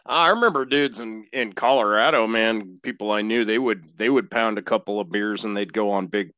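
A laid-back man with a lowish voice, reminiscing in easy, unhurried casual chat and cursing now and then. The recording is dry, with little room sound around him. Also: bright, forceful tone, no echo. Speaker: podcast guest.

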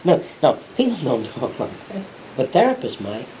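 A man's voice: mid-range voice, huge pitch swings, moderate pace, dark tone, low-quality recording. A man giving an unscripted classroom lecture, blunt and rambling, swearing and acting out the people he quotes. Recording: old lecture tape with hiss.

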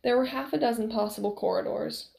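A woman narrating a novel aloud in a measured, steady storytelling way. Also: on the high side, vocal fry. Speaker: audiobook narrator.

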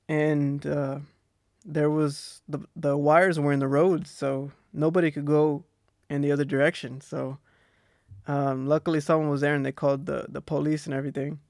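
A young man with a Texan accent telling a personal story on his podcast in a relaxed, rambling way, laughing often. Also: a little high, gravelly, no room sound, studio quality. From Texas. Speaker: podcast host. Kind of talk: casual storytelling monologue. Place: Australia.

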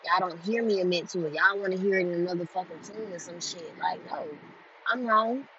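A woman's voice: lowish voice, fairly even intonation, quick pace, crowd noise. Woman, blunt and profane, repeats for emphasis; dull lo-fi recording. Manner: grows louder and more forceful as she goes. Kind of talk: candid monologue on healing. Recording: dull lo-fi recording with faint noise.

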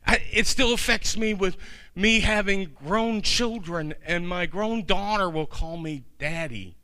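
A man's voice: high voice, a little slow, pushed and bright, clear, resonant tone. A middle-aged man preaching a sermon, driving his points home with emphatic, repeated phrases.

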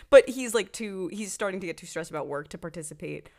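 A woman's voice: on the low side, expressive, a little fast, a little mellow. A woman co-hosting a podcast, summarizing episodes in casual chat and laughing often. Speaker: podcast co-host.

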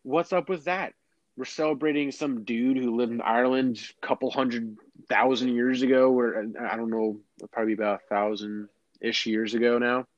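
A man's voice: medium pitch, fairly even intonation, normal speed, no echo, highs cut off. A young American man rambling in a casual chat, full of fillers and restarts.

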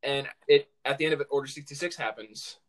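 A young man co-hosting a podcast, chatting casually in a lively, playful way. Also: mid-range voice, quick pace. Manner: lively, playful, chuckles along. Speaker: podcast co-host. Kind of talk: casual chat.

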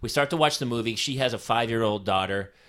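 A middle-aged man hosting a podcast who talks in an animated, blunt way and swears freely. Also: mid-range voice, fast, clear, resonant tone. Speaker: podcast host. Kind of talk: casual conversation.

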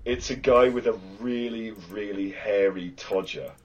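A man's voice: on the low side, a little slow, a little hiss or hum. A man co-hosting a casual gaming podcast, swearing freely and laughing a lot. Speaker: podcast co-host. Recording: dull lo-fi sound.

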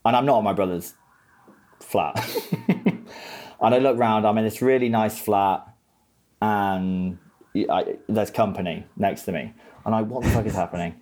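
A man's voice: fairly low pitch, a little slow, pauses often, a little mellow. A young man in casual chat, telling a travel story with lots of swearing, laughter and stammered restarts.

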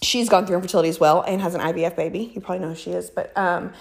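A woman's voice: on the low side, fairly even intonation, racing, creaky. Emphatic, out-of-breath woman guest. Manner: emphatic, faith-filled, acts out quoted voices. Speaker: interview guest. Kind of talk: casual conversational interview.

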